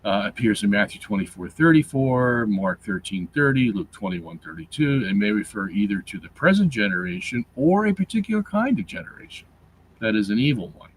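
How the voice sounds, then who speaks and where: A man hosting a show, explaining scripture and its Greek grammar in a deliberate, teacherly way, with fillers and repeated words. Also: lowish voice, very animated, slight background noise, low-quality recording. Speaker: show host reading his Bible commentary.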